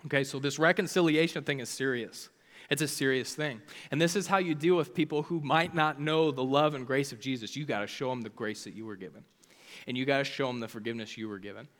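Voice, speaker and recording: A man's voice: mid-range voice, fast talker, fairly bright tone, long reverb tail. A man preaching a casual sermon, talking informally with lots of "like" fillers. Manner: chatty, informal, many "like" fillers.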